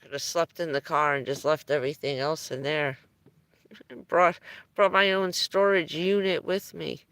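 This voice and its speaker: Gravelly, unhurried woman live-streamer. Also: low voice, fairly even intonation, a bit bright, no room sound. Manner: rambling storyteller, chuckling often between phrases. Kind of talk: casual chat on a live stream.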